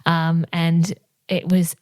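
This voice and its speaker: Chatty young woman, low-ish pitch, casual interview storytelling, frequent "like" and "you know". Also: monotone, takes it slowly, darkish tone, clean tone. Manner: chatty, many fillers and 'like', 'you know'. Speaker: podcast guest.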